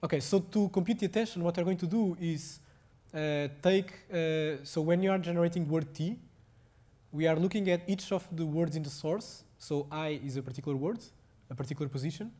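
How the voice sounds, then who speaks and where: Portuguese-accented male lecturer, halting delivery. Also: fairly high pitch, dark tone. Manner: halting, many fillers and restarts. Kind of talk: technical lecture.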